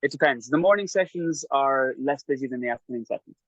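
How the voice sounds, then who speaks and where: A man chats casually on a podcast, rambling with many fillers and making fun of himself as he describes his training. His voice sits at an ordinary pitch, and the sound is close and dry. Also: fast, no echo, dull audio. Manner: rambling, self-mocking storyteller. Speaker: podcast guest recounting training. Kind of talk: casual chat.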